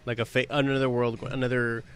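A man's voice: medium pitch, level tone, a little fast, soft background music. A man hosting a podcast in loose casual chat, rambling with many fillers and swearing freely. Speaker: podcast host.

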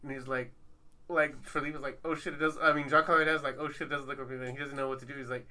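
A man's voice: mid-range voice, little pitch movement, quick pace, bright, forceful tone. A man hosting a podcast, telling a long rambling story in casual chat with lots of fillers. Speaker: podcast host.

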